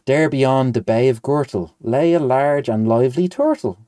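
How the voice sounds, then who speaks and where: A playful man chats with his co-host and then reads a nonsense poem with bouncy, animated rises and falls. His voice is mellow and dark in colour, recorded close and dry. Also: medium pitch, normal speed, dry recording. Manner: lively, playful. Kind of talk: casual chat and poem reading.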